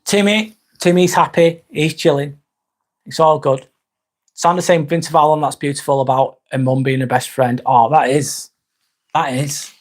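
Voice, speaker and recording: Middle-aged English male streamer, a bit high-pitched, casual and candid, reads chat aloud. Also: steady tone, normal speed. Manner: candid, rambling, reads viewer comments aloud. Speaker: live-stream host.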